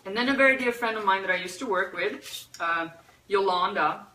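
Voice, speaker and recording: A woman hosting a pet memorial livestream, talking unscripted in a teary, soft-hearted way with sighs and pauses. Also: mid-range voice, a little hiss or hum. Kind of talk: unscripted emotional talk. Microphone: phone or webcam. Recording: roomy echo, a bit far from the mic.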